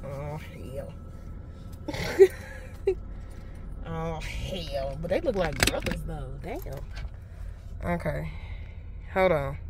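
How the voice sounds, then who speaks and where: A woman's voice: on the low side, background noise. A woman talking casually to her viewers on a car vlog, blunt and profane, laughing often, recorded on a phone camera in a parked car. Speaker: motivational vlogger.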